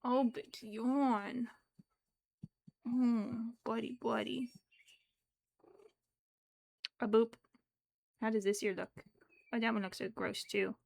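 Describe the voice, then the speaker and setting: A woman streaming her crochet work, talking softly in baby talk to her cat between steps. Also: fairly high pitch, steady tone, slow pace, vocal fry, pauses often. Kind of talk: casual livestream chat.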